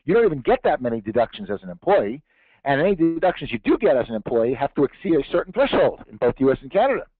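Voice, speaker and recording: A man's voice: mid-range voice, sing-song, fast, dry recording, faint music behind. A man giving a tax seminar to an audience, emphatic, with rhetorical questions and jokes. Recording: tinny narrow-band dry recording.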